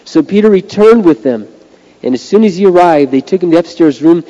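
A man's voice: high-pitched, expressive, a little fast, mellow. A middle-aged man preaching a sermon as a pastor, earnest and conversational. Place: church sanctuary. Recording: lo-fi recording with long hall reverb.

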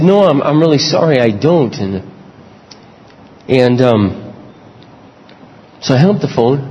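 A man preaching a sermon, telling personal stories with earnest, lively delivery. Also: long reverb tail, muffled recording. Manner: storytelling, earnest, lively swings in pitch. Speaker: pastor.

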